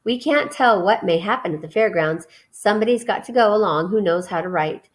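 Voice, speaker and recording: A wise female spider , voiced by a woman reader, speaks softly and deliberately. Her calm manner sounds steady and thoughtful. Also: medium pitch, close to an everyday voice. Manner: soft, measured.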